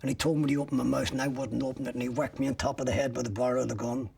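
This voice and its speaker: An older man tells his story bluntly, swearing as he goes, his voice rough and gravelly. He sits back from the microphone, so he sounds a little distant. A faint hum of room noise runs underneath. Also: medium pitch, flat delivery, very fast, darkish tone. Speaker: interviewee. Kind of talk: recounting a personal ordeal.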